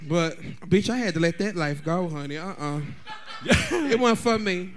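A man chatting as a drag performer guest, telling bawdy stories in an animated, laughing way. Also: high voice, measured pace. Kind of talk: casual chat.

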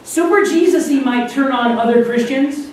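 Pastor talking in a very echoey room. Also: male voice, very high voice, moderate pace, far from the mic. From Wyoming and North Dakota, US. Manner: conversational, self-interrupting, acts out quotes. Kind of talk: informal sermon talk. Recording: very echoey room, voice from afar, faint noise.

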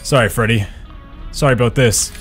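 A young man giving excitable let's-play commentary, swearing and yelling at the game as he plays. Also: medium pitch, brisk. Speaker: gaming YouTuber. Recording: game music playing behind.

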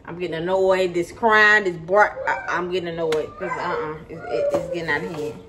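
A woman's voice: on the low side, steady tone, fairly quick. Chatty woman vlogging over background noise. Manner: chatty, talks straight to viewers, repeats herself for emphasis. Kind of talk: casual chat to camera. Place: at home, kitchen. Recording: noisy home recording.

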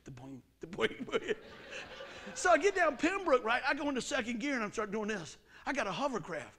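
A man's voice: extremely high pitch, fast. A middle-aged man preaching in a church, telling a story in folksy country talk and acting it out with sound effects. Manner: animated, acts out the story with sound effects and voices. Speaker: pastor. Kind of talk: storytelling sermon. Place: church sanctuary.

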